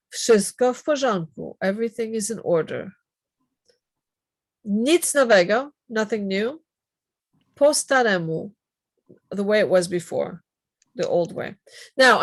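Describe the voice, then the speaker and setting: Over a video call using a computer mic, a woman teaches an online Polish class, patiently explaining phrases and encouraging her students. Her voice is medium-pitched and gravelly with a fairly bright tone, and there's no room sound.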